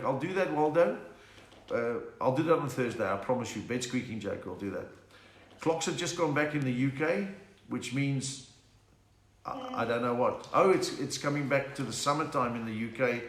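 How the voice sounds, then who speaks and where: A South African man hosting a live stream from home, chatting casually, punning and reading out viewers' names. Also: medium pitch. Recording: echoey room.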